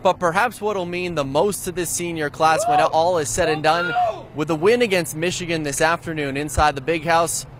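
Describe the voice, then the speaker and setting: A man reporting sports news for television with an upbeat, crisp delivery. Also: fairly high pitch, normal speed, very noisy.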